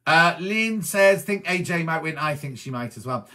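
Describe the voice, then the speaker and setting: Chatty bright-voiced man reading messages. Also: fairly high pitch, animated. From Wiltshire, England. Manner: chatty, answers messages with quick asides. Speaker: TV presenter reading viewer messages. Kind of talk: casual chat reading viewer comments.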